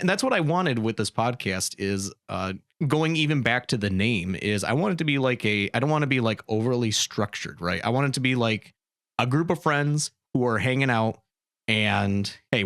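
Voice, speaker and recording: A man's voice: fairly low pitch, animated, a little fast, creaky, fairly bright tone, dry recording. A man hosting a laid-back podcast, rambling and restarting his sentences with repeated words. His voice is recorded close and dry, with no room around it. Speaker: podcast host. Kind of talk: casual podcast chat.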